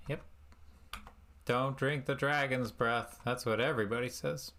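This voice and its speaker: A man's voice: medium pitch, fairly even intonation, measured pace, long pauses, bright, forceful tone, slight background noise. A man giving casual gameplay commentary as a streamer, self-mocking and muttering his in-game commands aloud. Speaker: speedrunner and streamer.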